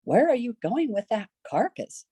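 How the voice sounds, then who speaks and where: Lady putting on a shocked, bossy army officer in a read-aloud story, high and exclaiming, a little husky, loud on the outbursts. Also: very animated, moderate pace, no room sound. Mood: gruff. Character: astonished, scolding male army officer.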